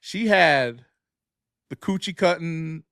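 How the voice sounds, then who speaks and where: A young adult man co-hosting a podcast, telling loud, profane, laughing stories in casual banter. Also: a little high, takes it slowly, no room sound, studio quality. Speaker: podcast co-host.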